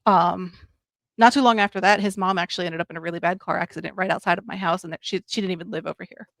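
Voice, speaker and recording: Gravelly-voiced woman telling a story. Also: on the low side, steady tone, fast talker, dry recording, studio quality. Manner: rambling, many ums and quoted dialogue. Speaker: podcast guest. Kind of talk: casual storytelling.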